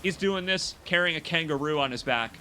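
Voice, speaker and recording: A young man streaming a video game, commenting in a jokey and excitable way as he plays and talks to his chat. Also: fairly high pitch, brisk, slight background noise. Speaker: gaming streamer. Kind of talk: live gameplay commentary.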